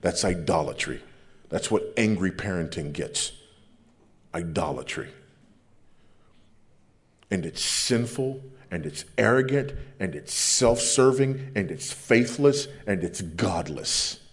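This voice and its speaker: Pastor, male, big low voice, emphatic repetition, sermon delivery. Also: expressive, slow pace. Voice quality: big deep voice. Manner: emphatic, repeats phrases for effect.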